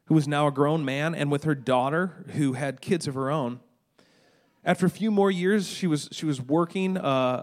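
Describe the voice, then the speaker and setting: A middle-aged man preaching a sermon, retelling a story dramatically with stammered restarts. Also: fairly high pitch. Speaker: pastor.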